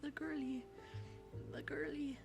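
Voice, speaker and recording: A woman with an American accent, chatting with viewers in an ASMR stream, soft-spoken and partly whispered. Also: sits high, steady tone, unhurried, creaky. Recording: music playing behind.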